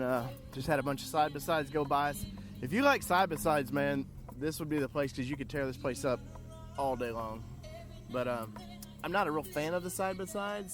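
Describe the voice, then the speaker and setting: Joking man hosting a podcast. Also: medium pitch. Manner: joking, rambling, self-mocking. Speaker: off-road podcast host. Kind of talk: casual chat. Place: on the road and on the trails.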